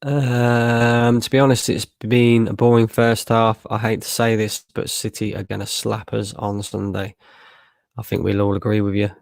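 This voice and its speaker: Gravelly, low-voiced streamer guy. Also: level tone, moderate pace, no room sound, clean studio sound. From Lincolnshire, England. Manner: casual, sweary, laughs a lot, reads chat aloud. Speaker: football watchalong streamer. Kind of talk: live stream reaction, reading chat.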